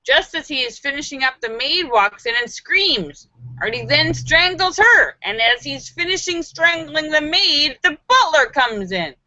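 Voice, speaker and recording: A woman hosting a live stream, reading viewers' jokes aloud and acting out the voices with giggly, animated delivery. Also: sits high, a little slow, no echo, lo-fi sound. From Los Angeles area.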